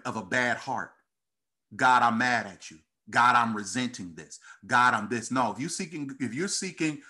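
A man preaching a sermon, calling out to the congregation and building in intensity as he reads scripture. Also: bright, forceful tone. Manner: call-and-response preaching, rising in pitch and intensity.

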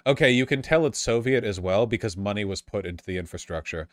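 A man streaming live, chatting casually and excitably with his viewers, swearing freely. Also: on the low side, fast talker, dry recording, studio quality.

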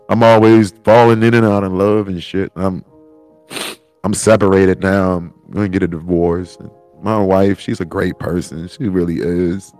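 Male podcast host, lower register, rambling heartfelt monologue over soft background music. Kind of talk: solo reflective monologue.

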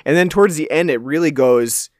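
A man co-hosting a casual film chat, talking in loose, rambling sentences full of "like" and "you know." His voice sits at an ordinary pitch, recorded dry and close with no room sound. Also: brisk, no echo. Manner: rambling, filler-heavy, relaxed. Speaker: podcast co-host. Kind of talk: casual movie discussion.

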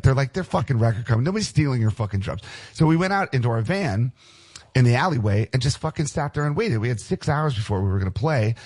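Middle-aged man, husky voice, loose and profane storyteller, guest on a talk show. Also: medium pitch, expressive, quick pace, darkish tone. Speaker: guest musician. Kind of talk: casual storytelling.

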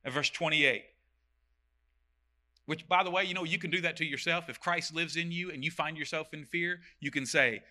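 A man preaching a sermon, reading scripture aloud and breaking in with animated, joking comments. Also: on the high side, normal speed. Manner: animated, reads verses then comments with jokes.

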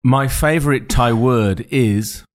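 A man hosting a casual podcast interview, reading out sentence starters slowly like a quiz. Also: mid-range voice. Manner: quiz-style prompting, drawn-out sentence starters. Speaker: podcast host.

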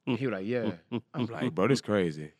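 Fast-talking man telling a story. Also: fairly low pitch, no room sound, clean studio sound. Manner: animated, quick storytelling with slang and repeated quotes. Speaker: guest. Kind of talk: casual storytelling.

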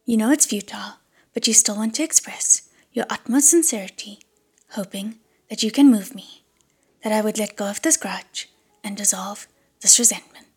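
A man's voice: high voice, a little slow, breathy edge, exaggerated voice. A woman reading aloud and voicing a cold, contemptuous young man in whispered role-play. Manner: cold, cutting.

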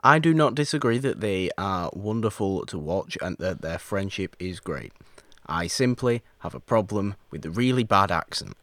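A man's voice: sits low, animated, normal speed, fairly bright tone, no room sound. A man co-hosting a casual podcast, teasing the others in a dry, playful way. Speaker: podcast co-host. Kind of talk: casual film discussion.

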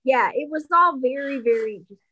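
Chatty woman with a slightly high voice. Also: moderate pace, bright, forceful tone, lo-fi sound, a little hiss or hum. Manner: chatty, agreeing, frequent fillers, acts out quotes. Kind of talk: casual movie recap chat.

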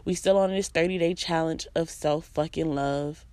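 A woman's voice: low voice, moderate pace, darkish tone, no room sound. A woman giving a blunt, profane, emphatic personal monologue, hammering her points home with repeated phrases. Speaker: vlogger.

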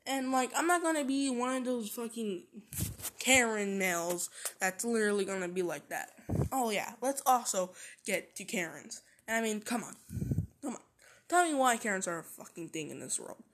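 A woman's voice: fairly high pitch, expressive, normal speed, a little hiss or hum. A woman vlogging in a casual rant, swearing constantly and repeating herself.

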